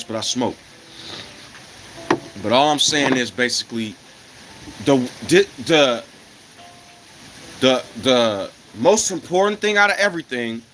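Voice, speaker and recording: Firing off repeated rhetorical questions and coughing here and there, an American man gives his viewers an angry, profane, blunt and combative monologue. He speaks in a mid-range, fairly bright voice over a little hiss or hum.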